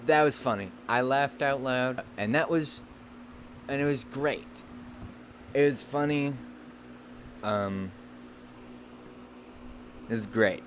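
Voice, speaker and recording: Slow rambly guy vlogger, mid-pitched man, joking rant, faint AC hum behind. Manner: rambling, restarts and trails off. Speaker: movie vlogger. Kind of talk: casual comedic rant.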